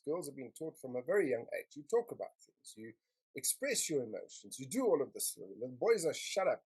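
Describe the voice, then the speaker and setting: Earnest middle-aged man, husky voice. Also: mid-range voice, darkish tone, rough recording. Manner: emotional, earnest, repeats phrases. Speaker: panel speaker sharing his story. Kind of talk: candid personal testimony.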